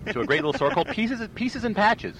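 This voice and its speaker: A chatty man runs a comedy improv warm-up in a lively, bright voice that moves up and down a lot. He laughs easily between setups, with faint noise behind him. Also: high voice, fast talker. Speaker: improv exercise leader.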